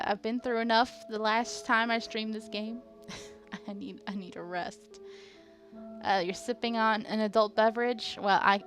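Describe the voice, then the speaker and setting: Young woman game streamer, slow and giggly, talks to chat, easily spooked, faint music behind. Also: fairly high pitch. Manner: giggly, easily frightened, chats with viewers. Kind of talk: casual live-stream chat.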